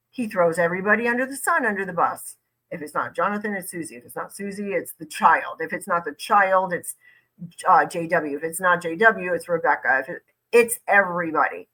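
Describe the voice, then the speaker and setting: Emphatic woman lawyer with bright voice. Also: medium pitch, low-quality recording. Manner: conversational, emphatic, repeats points for stress. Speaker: lawyer commentator. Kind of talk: reaction commentary.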